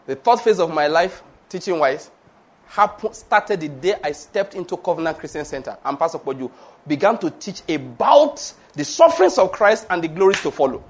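A man's voice: a little high, sing-song, moderate pace. A man preaching a sermon, laughing often and acting out the voices of the people he quotes.

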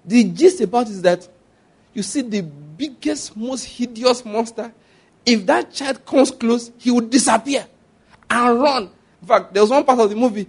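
A man's voice: very high-pitched, moderate pace, husky. A middle-aged Nigerian-accented man preaching a sermon as a pastor, telling stories with animation, acting out scenes and repeating his points.

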